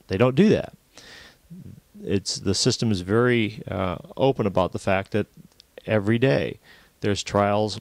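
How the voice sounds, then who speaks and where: Man, lowish voice, university lecture, plain explanatory delivery, dry close recording. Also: dry recording. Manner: plain explanatory, with frequent fillers.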